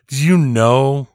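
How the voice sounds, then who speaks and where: Halting man on a dry mic. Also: mid-range voice, darkish tone, smooth, no echo. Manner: halting, repeats words, laughs often. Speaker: podcast co-host. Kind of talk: casual chat.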